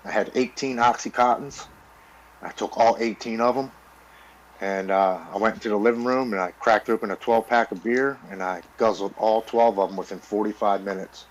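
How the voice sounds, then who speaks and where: Over poor audio, a man in his forties tells his own recovery story as a podcast guest, his voice on the low side with fairly even intonation at normal speed. He's earnest and blunt, swearing casually and stammering through repeated words as he recounts.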